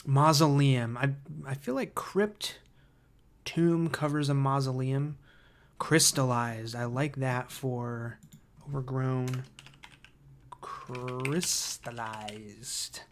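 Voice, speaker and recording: Slow-talking man thinking aloud on a livestream. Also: mid-range voice. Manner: thinking aloud, hesitant with frequent fillers and restarts; enthusiastic about ideas. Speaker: livestream host. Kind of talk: casual livestream chat, reading viewer comments aloud.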